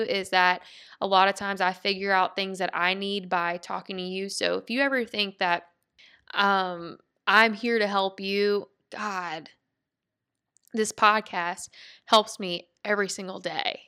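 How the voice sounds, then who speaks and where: A woman's voice: mid-range voice, pushed and bright, smooth. A woman hosting a podcast, talking in an earnest, heartfelt way and thinking aloud with restarts. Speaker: podcast host. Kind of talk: reflective motivational monologue.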